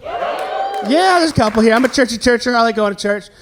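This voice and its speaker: A Southern man in his thirties does a self-deprecating stand-up set at a comedy venue, bantering with the crowd between jokes as laughter rolls in. His voice is very high-pitched and brisk, with huge pitch swings and a fairly bright tone. There's slight background noise.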